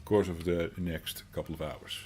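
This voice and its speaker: Low-voiced Dutch man chatting on stream. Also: level tone, normal speed, background noise. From Netherlands. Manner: chatty, reads out and answers chat, rambling with fillers. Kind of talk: casual live-stream chat.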